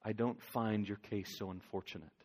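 A male preacher voicing a vast, solemn, all-knowing lion in a low, hushed, slow voice. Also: steady tone, husky, in a large hall. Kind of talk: dramatic scripture storytelling.

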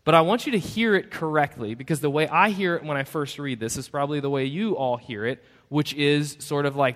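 A man's voice: fairly high pitch, a little fast, hardly any pauses, a bit bright. A man preaching a sermon as pastor, conversational and self-deprecating, acting out the voices he quotes. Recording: long reverb of a church hall.

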